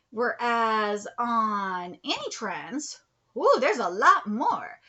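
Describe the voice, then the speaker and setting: A woman's voice: a little high, big pitch swings, slow, pushed and bright, highs cut off. A woman vlogger ranting in a commentary video, blunt and profane, hammering points with repetition. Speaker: anime vlogger.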